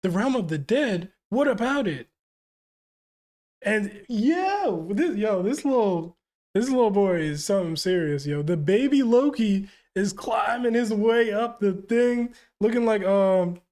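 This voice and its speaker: Reacting live to a comic on stream, a man reads panels aloud and fires off excited slang, frequently tacking "yo" or "bro" onto his lines. His voice is high-pitched with a darkish tone.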